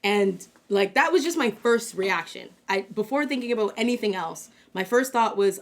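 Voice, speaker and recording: A woman's voice: medium pitch, expressive, normal speed, few pauses. A young woman from Canada co-hosting a casual talk show, telling a story in a chatty way with lots of fillers and acted-out quotes. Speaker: co-host.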